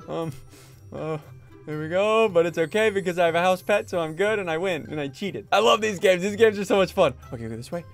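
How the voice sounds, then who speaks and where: Man, gaming host, excitable play-by-play, high voice, very lively pitch. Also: brisk, faint music behind. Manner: excitable, narrates his own moves, yelps and shouts when panicking. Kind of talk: Minecraft let's-play commentary.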